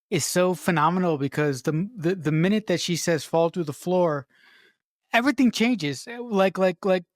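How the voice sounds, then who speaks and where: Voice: medium pitch, no room sound, clean studio sound. A podcast co-host in casual movie discussion, talking with enthusiasm and often repeating words while finding the right one.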